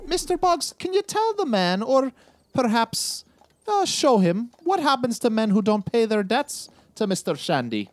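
A man voicing a smooth, menacing male loan shark who talks slowly and silkily. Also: extremely high pitch, sing-song, voice pushed up, heavily acted. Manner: slow, silky, threatening.

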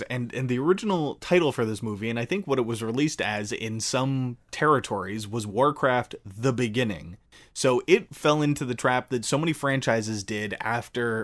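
A man co-hosting a casual film review chat, explaining his points in a measured, thoughtful way. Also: mid-range voice. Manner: measured, thoughtful, with agreeing fillers.

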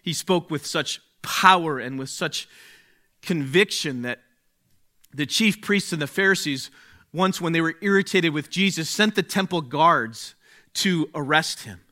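Slow, bright-voiced male preacher. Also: fairly high pitch. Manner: slow, emphatic preaching with dramatic pauses and swells of volume. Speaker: pastor. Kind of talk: sermon.

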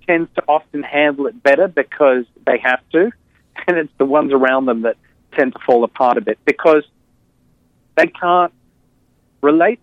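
A man's voice: a little high, dry recording. A man being interviewed, telling a personal story in a reflective, candid way with many fillers and restarts. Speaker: interview guest. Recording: tinny phone-like line.

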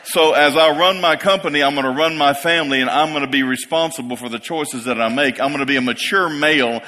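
Man in his 50s preaching in a big church, bright voice with long hall echo, keeps asking the crowd "yes?". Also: on the high side, quick pace. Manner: preaching, rising to emphatic peaks, asks congregation "yes?". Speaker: pastor. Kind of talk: sermon. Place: church sanctuary. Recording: long reverb of a large hall.

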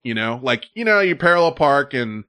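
Man, podcast host, casual chat, animated storyteller, mid-pitched voice. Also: a little fast, clean tone. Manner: animated storytelling, acts out quotes.

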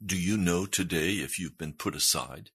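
A man's voice: sits low, moderate pace, fairly bright tone, husky. A man preaching a sermon as a pastor, earnest and emphatic, pressing his points hard.

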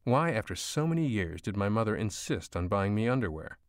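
Male audiobook narrator, lower register, steady expressive delivery, dead-dry booth sound. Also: no room sound. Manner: measured, expressive storytelling.

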